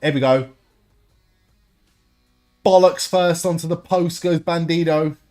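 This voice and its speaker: A young man hosting a live wrestling watch-along stream, reacting excitedly, swearing freely and chatting with viewers. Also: a little high, slow, faint music behind. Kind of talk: live reaction commentary and chat.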